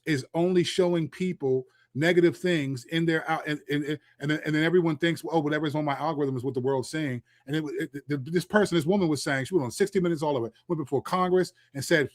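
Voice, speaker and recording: A man's voice: fairly high pitch, a little mellow. A middle-aged man giving an impassioned solo Christian commentary, preachy and emphatic, reading scripture aloud and often restarting his sentences.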